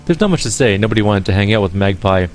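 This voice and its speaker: Male gamer doing a cynical, world-weary porter; plain, low and blunt. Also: expressive, fast talker, soft background music, close to an everyday voice. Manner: blunt, dismissive.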